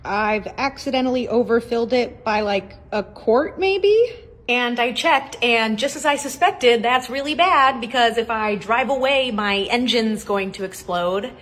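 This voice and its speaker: A woman's voice: fairly high pitch, a little slow, hardly any pauses, fairly bright tone. Wry woman narrating a car mishap vlog. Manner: self-mocking, wry.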